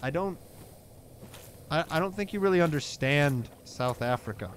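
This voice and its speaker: A man's voice: fairly high pitch, animated, moderate pace, slight background noise. A man co-hosting a let's play, arguing in a pedantic, sarcastic way during casual gaming commentary.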